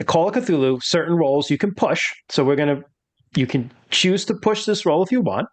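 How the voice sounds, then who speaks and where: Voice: medium pitch, lively intonation, normal speed. A game master running a tabletop horror game, explaining rules with many fillers.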